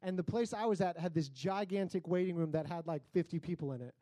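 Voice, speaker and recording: A male pastor preaching a sermon in a conversational, storytelling way, sometimes breaking into loud comic outbursts. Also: on the high side, fast talker, no room sound.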